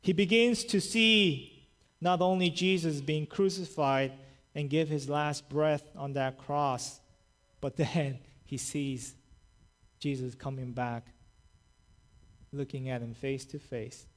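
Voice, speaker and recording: A male pastor preaching a sermon and retelling scripture stories in a lively, conversational way. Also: a little high, takes it slowly. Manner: animated storytelling, paraphrasing scripture conversationally.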